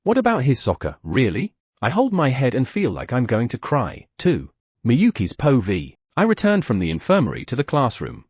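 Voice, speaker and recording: A man narrating an audiobook in the first person with expressive delivery. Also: mid-range voice, husky, dry recording, clean studio sound.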